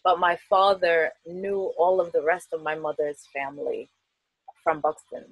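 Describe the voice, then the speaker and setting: Guest, woman, Queens accent, lowish husky voice, dry close sound, easygoing and talkative. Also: measured pace, no room sound, highs cut off. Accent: New York, Queens. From United States. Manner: chatty, laughs often, many fillers. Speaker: festival artist guest. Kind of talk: casual interview.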